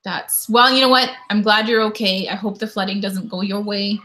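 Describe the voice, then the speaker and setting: A woman chatting on her own during a live stream, reading and answering viewer comments in a relaxed, offhand way. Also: mid-range voice, normal speed. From Canada. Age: adult parent. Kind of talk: casual live stream chat.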